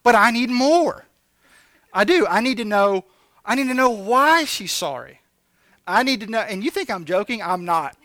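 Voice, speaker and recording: Bright, high-voiced preacher man. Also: moderate pace, dry recording, studio quality. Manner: animated, confessional, jokey asides to the congregation. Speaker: pastor. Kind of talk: conversational sermon.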